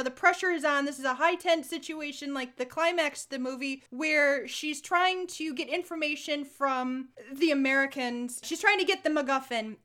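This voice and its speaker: A woman with a high, bright voice rants in casual podcast chat. She talks in an animated way, full of quick asides. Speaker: podcast co-host.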